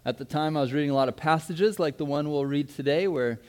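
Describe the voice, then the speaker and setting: A man in his thirties preaches from the pulpit, his voice sitting a little higher than most men's. He mixes prayer with a personal story and acts out his own past words with animated energy. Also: fast. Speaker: pastor. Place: church.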